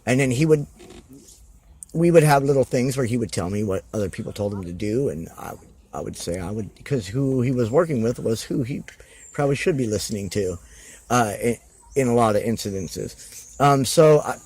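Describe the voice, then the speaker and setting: A man chats as a guest on a podcast, rambling through memories with plenty of fillers. His voice swoops up and down in pitch, and he slips into little acted-out quotes of other people. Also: lively intonation, moderate pace, a little mellow, breathy edge. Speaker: guest wrestler. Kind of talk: casual podcast chat.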